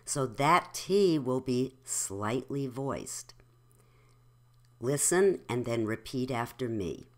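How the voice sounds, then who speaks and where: A woman teaching elocution, saying words and sentences slowly and very carefully for the listener to repeat. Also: a bass voice, very animated. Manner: slow, carefully enunciated, demonstrating sounds. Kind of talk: slow instructional speech drill.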